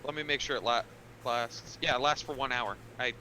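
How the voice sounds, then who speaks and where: A man chatting as a player in an online tabletop game, lively and quick to laugh. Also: mid-range voice, a little hiss or hum. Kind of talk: casual chat as a tabletop player.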